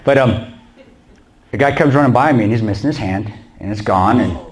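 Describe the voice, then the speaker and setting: A man's voice: lowish voice, brisk. A man telling a combat story to a church audience in a blunt, plain-spoken way. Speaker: guest speaker recounting combat. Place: small church.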